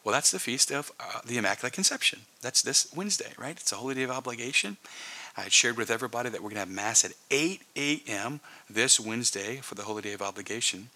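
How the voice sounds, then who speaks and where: A male pastor preaching earnestly in a conversational way, dropping into hushed whispers for emphasis. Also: medium pitch, lively intonation, fast talker. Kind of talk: sermon.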